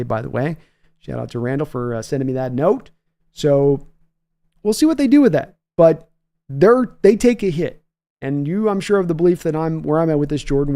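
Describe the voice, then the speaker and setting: Male sports-stream host, fairly high and warm-toned, chatty and rambling. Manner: chatty, rambling, restarts sentences. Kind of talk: live-stream sports talk, reading chat.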